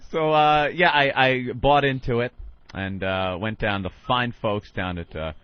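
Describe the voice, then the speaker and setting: Radio co-host, male, animated and profane storyteller; dry, dull lo-fi studio sound. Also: medium pitch, a little slow, clean tone, no echo. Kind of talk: casual talk radio banter. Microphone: studio microphone.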